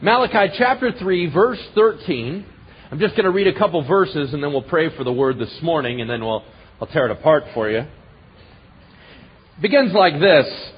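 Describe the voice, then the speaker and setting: A man pastor preaching a sermon in a conversational way, swinging from loud bursts to hushed asides, on a dull lo-fi recording. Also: a little high, lively intonation, moderate pace, slightly rough.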